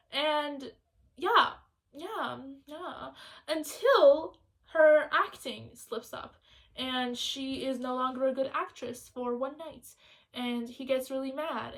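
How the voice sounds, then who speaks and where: High-voiced woman rambling about a book. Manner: chatty, rambling, quick and excitable. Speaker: student book vlogger. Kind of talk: casual rambling book review.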